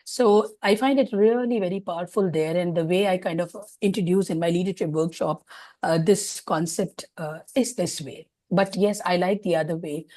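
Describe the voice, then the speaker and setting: Woman, leadership coach, earnest, hesitant, mellow voice, dry close sound. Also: lowish voice, normal speed, no echo. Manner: earnest, hesitant with many fillers. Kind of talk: sharing in an online group discussion.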